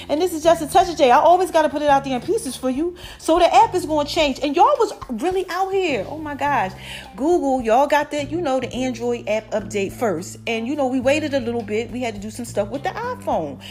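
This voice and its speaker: High-voiced chatty woman podcast host. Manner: chatty, animated, addresses listeners as babies. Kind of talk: casual storytelling monologue.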